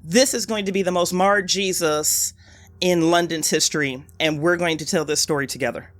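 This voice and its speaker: A woman's voice: fairly low pitch, normal speed. A woman player in a tabletop game, describing her character's actions intensely and vividly.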